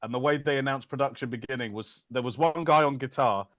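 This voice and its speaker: A man's voice: mid-range voice, fast talker, a bit bright. A man hosting a casual film podcast, joking around and dropping silly impressions and sing-song bits. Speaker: podcast host.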